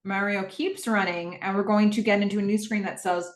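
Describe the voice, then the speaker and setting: A woman hosting a podcast, recapping a TV episode scene by scene in a casual, animated way with frequent laughs. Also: mid-range voice, fairly quick, reverberant. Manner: animated, laughs often, acts out the characters' lines.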